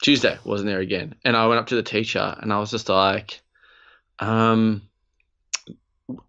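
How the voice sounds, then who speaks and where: A young Australian man co-hosting a podcast, telling a story in animated, sweary casual chat and acting out the quotes. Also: fairly low pitch, moderate pace, dull audio. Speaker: podcast co-host.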